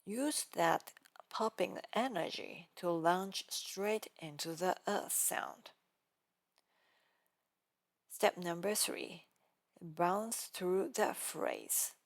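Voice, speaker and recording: Slow, calm woman teaching pronunciation. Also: fairly low pitch. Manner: calm, careful, spells out each step and repeats practice phrases. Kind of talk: scripted lesson narration.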